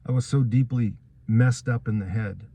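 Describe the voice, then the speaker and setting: An aggrieved man tells his own story straight to the listener, walking through each event in turn. His voice sits at an ordinary middle pitch, and he keeps an earnest, wronged tone throughout the account. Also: fairly even intonation, normal speed, vocal fry, dark tone, breathy edge. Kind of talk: first-person account of a court case.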